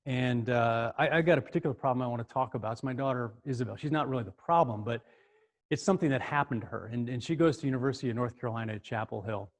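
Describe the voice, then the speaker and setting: A middle-aged man tells a story in a lively way, repeating words as he goes. His pitch sits at an ordinary middle height for a man. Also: fast talker. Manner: animated, acts out the other voices, repeats words as he goes. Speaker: speaker. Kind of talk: storytelling talk.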